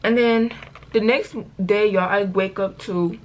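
Here the teenage vlogger's mid-range voice is expressive and a little slow, with background noise behind it. Getting ready at home, she tells a rambling, slangy story, often fixing her own words and addressing viewers as "y'all."

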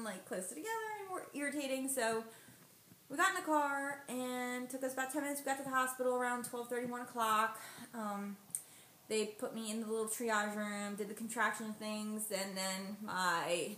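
Young woman, casual vlog storyteller, chatty and animated; echoey room, faint noise. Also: medium pitch. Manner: chatty, animated quoting of others. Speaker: vlogger.

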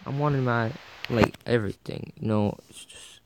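A man's voice: medium pitch, normal speed, very noisy. A man telling a frustrated, rambling story to camera, re-enacting both sides of a conversation. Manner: frustrated, rambling, heavy on "like" and "you know", re-enacts dialogue. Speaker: vlogger. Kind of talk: casual ranting story to camera.

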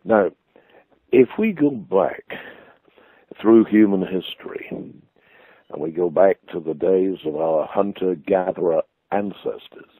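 A man, low-voiced and husky, spins a vivid story with a lively, rising and falling delivery. The sound is dry and tinny, like a phone call. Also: slow pace, dry recording. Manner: vivid, animated raconteur. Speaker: storytelling guest. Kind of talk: anecdotal storytelling.

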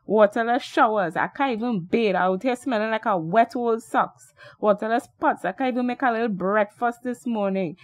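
A woman's voice: a little high, moderate pace, few pauses, dry recording, natural voice. Derek is a fed-up, ranting man, as a woman reading a storybook puts him on. He speaks in a raised, exasperated voice and in local dialect. The recording sounds dry and close. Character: annoyed Trinidadian man, fed up with water cuts.

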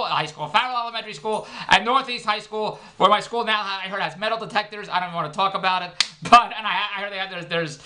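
Middle-aged man, bright-voiced joke-teller, loose and rambling, laughs at his own gags. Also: sits high. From Philadelphia, United States. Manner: joke-telling, rambling, self-interrupting, laughs at himself. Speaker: vlogger and comedian. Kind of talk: rambling comedic vlog monologue.

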